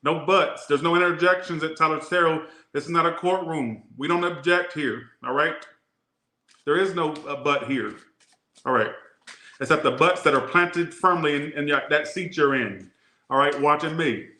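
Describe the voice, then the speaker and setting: This Southern US tarot reader has a slightly high voice with a bright, forceful tone and moderate pace. He rambles through a casual reading, joking and tossing in crude asides, recorded in an echoey room.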